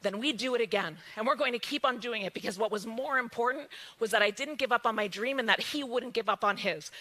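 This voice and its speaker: A woman giving an emphatic motivational testimony, swinging from hushed lines to exclaiming ones. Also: fairly high pitch, fast talker. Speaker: guest speaker sharing her story.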